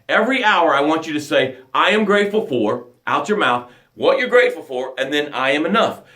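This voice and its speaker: In an echoey room, a man with a fairly high voice delivers a coach-style motivational talk. He speaks emphatically, swinging between loud bursts and hushed lines.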